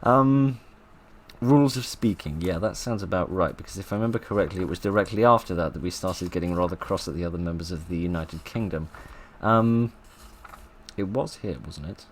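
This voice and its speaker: A man's voice: deep voice, brisk, a little hiss or hum. A man reading an old book aloud and breaking off for wry, sarcastic asides, often laughing. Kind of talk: comic read-aloud with commentary.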